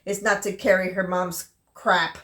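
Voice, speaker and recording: A woman's voice: lowish voice, steady tone, a little slow, fairly bright tone. A woman co-hosting a casual book discussion, speaking frankly and emphatically as a mother and often talking over her co-host. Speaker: podcast co-host. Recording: roomy echo.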